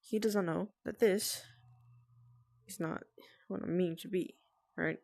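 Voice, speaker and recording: A woman vlogging from home, keeping her voice hushed and careful so family nearby won't hear. Her tone sits a little low, with a gravelly fry running through it and nervous little laughs. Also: slow. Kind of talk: casual explainer talk to friends.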